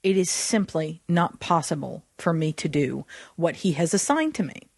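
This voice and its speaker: A woman co-hosting a Christian podcast, talking in an animated way and laughing often. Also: low voice, normal speed, gravelly, no room sound, clean studio sound. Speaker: podcast co-host.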